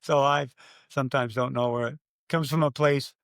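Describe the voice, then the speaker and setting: An older man, a race announcer, telling stories in a podcast interview, animated and acting out his own quotes. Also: medium pitch, normal speed, gravelly, no room sound, studio quality.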